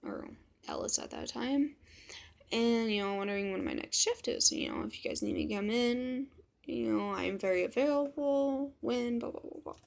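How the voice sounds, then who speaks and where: A woman's voice: fairly high pitch, very animated, moderate pace, creaky. A woman telling a personal story in a casual vlog, blunt and swearing freely as she quotes others. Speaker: vlogger.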